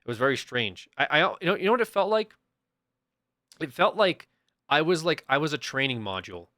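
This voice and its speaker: A young man, a livestreamer, casually telling a story to his chat and acting out the people in it with sudden loud bursts. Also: on the high side, big pitch swings, brisk, dry recording, clean studio sound.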